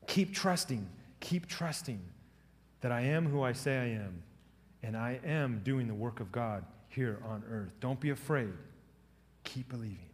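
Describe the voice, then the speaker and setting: Male pastor, lively sermon, swings loud to soft, jokes with the room, long church-hall reverb. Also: medium pitch, moderate pace, pauses often. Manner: jokes with the congregation.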